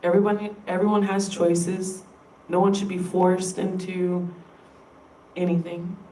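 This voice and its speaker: A woman's voice: on the low side, level tone, measured pace, warm tone, far from the mic, slight background noise. A woman in a casual, rambling monologue, emphatic and profane. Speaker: vlogger. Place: room in an indoor workplace building. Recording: echoey room, voice away from mic.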